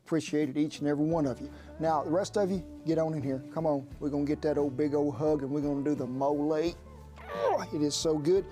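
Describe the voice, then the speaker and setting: A man's voice: fairly high pitch, steady tone, fast talker, warm tone, soft background music. Folksy man hosting a cooking show. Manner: folksy, drawling, calls people sugar.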